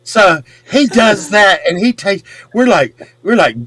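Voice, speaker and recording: A middle-aged man with a drawl tells a rowdy story, his pitch leaping all over. He sits a little high for a man and swears freely, loudly acting out everyone he quotes. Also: very animated, slow, no echo. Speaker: podcast host. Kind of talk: casual storytelling chat.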